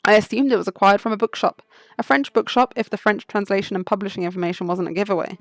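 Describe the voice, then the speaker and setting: A woman's voice: mid-range voice, steady tone, fast, dry recording, natural voice. Woman voicing a snide haughty clerk. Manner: snide and condescending. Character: haughty, irritable male book clerk.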